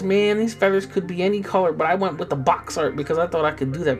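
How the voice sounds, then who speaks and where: A man's voice: sits high, fairly even intonation, quick pace, faint music behind. A young man who paints miniatures, chatting casually and rambling with jokes and swearing, often trailing off.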